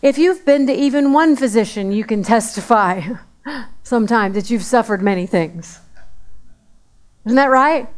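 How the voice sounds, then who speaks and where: A woman's voice: on the high side, measured pace, pauses often. A woman preaching a sermon in a conversational way, repeating phrases for emphasis.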